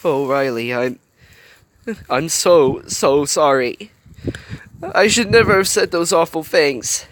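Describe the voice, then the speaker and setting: A man voicing a gentle young woman in tears, with a trembling, apologetic way of talking, read from a fan story. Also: a little high, slow pace, pitched above the performer's own voice. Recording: clear background noise.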